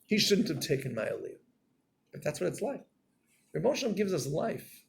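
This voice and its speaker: A man giving a Torah class in a storytelling way, acting out scenes and getting loud and animated. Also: on the high side, normal speed, creaky, husky.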